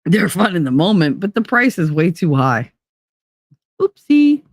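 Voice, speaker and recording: Hosting a livestream talk show, this woman chats casually with her live chat audience as a blunt, profane storyteller who laughs and drops into put-on accents. Her fairly low, expressive voice moves at a moderate pace. The clean studio sound has no room echo.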